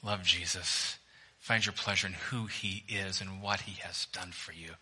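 A man preaching a sermon to his church congregation. He preaches with animation, asks the listeners questions, jokes with them, and swings between loud emphasis and hushed, low passages. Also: fairly even intonation, unhurried, husky. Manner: talks directly to the congregation with questions and humor. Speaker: pastor.

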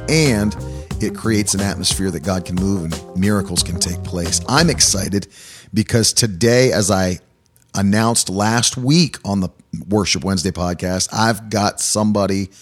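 Male podcast host, deep-ish voice, upbeat and chatty in a studio. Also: normal speed, husky, soft background music. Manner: upbeat, energetic, chatty with fillers. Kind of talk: casual interview chat. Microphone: studio mic.

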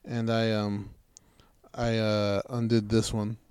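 A man recounts a story in a loose, casual chat, cursing often and getting loud as he replays heated exchanges. The sound is dry and close, with little room tone. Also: on the low side, slow, clean tone, no room sound. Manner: profane, animated, acts out quoted arguments.

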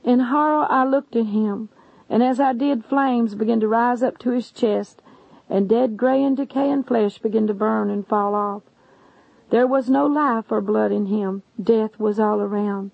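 A woman's voice: a little high, fairly even intonation, measured pace, gravelly, no room sound. A woman preacher earnestly narrating a testimony sermon, addressing listeners as friends. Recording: dull lo-fi recording.

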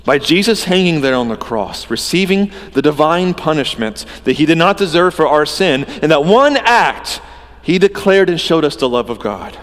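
A man preaching a sermon, earnest and emphatic, swinging between loud stresses and quiet drops. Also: on the high side, expressive, moderate pace, long reverb tail.

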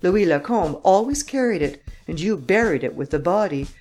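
A woman reading the part of a suave, self-assured male gentleman thief in an audiobook, cool and mocking. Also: on the low side, lively intonation, moderate pace, soft background music, pitched above the performer's own voice, close to an everyday voice.

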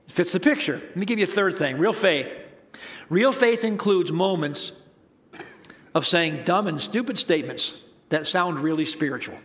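A middle-aged man preaching a sermon, conversational and humorous, with sudden swings between loud emphasis and quiet asides. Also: on the high side. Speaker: pastor.

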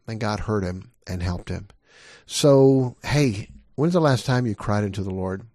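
Middle-aged male pastor, low-pitched, dry close sound, emphatic sermon delivery. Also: expressive, unhurried, dark tone, dry recording. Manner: earnest, emphatic preaching with repeated rhetorical questions.

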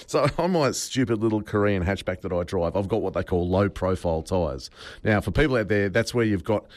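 A low-voiced man rattles along quickly and chattily in casual chat. A nagging cough hangs on him between his quick runs of words. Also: expressive. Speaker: podcast co-host.

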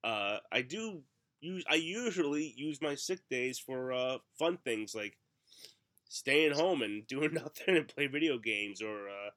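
A middle-aged man with a raspy, hoarse voice from the flu, coughing now and then as he tells rambling, self-mocking stories in casual chat as a podcast co-host. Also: medium pitch, animated, unhurried, fairly bright tone.

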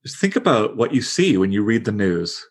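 A man with a lowish voice leads a book discussion for a podcast. He muses out loud, poses questions to the group and reads passages from the text. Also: sing-song, normal speed, breathy edge. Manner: reflective, asks questions, reads passages aloud. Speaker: discussion leader.

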